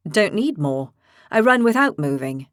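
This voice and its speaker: A woman voicing a cheerful imprisoned man who talks in halting, broken short phrases. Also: mid-range voice, big pitch swings, no room sound, studio quality. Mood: plain.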